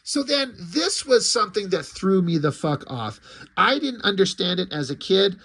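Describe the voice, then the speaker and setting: A man's voice: high voice, sing-song, normal speed, a bit bright, breathy edge. Incredulous, swearing man reviewing comics. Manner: incredulous, profane ranting. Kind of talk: casual review vlog.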